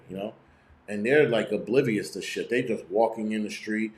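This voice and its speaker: A man's voice: fairly low pitch, fairly quick, echoey room. A man hosting his own channel, telling stories in a profane, rambling way full of restarts and fillers. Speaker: channel host. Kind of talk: casual live-stream rant.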